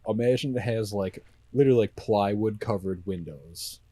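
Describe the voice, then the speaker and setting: A man's voice: on the low side, normal speed, mellow, no room sound. A young man co-hosting a podcast, recounting a story in casual slangy chat, piling on vivid details. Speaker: podcast co-host.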